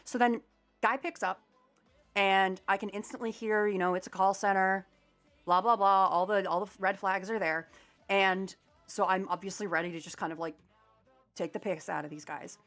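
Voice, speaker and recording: A young adult woman talks casually to her stream chat, retelling a story in a lively, sarcastic way and swearing now and then. Her pitch sits in the middle for a woman. Soft music plays faintly behind her. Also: normal speed. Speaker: livestreamer.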